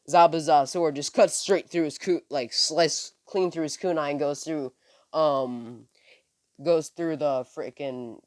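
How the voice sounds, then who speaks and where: A man's voice: a little high, dry recording. A man casually retelling a fan story, rambling with many fillers and self-corrections, recorded on a phone. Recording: dry close phone recording.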